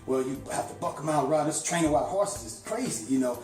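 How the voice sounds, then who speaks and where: A man from St. Louis telling a long, rambling story in a casual, animated way, with lots of "you know.". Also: a little high, a little fast, reverberant, faint music behind. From St. Louis, USA.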